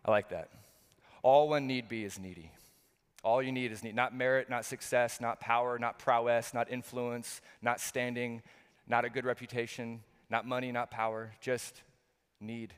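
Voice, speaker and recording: A man's voice: mid-range voice, steady tone, moderate pace, smooth. Man preaching in a reverberant hall. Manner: earnest, repetitive preaching with rhetorical questions. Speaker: pastor. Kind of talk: sermon.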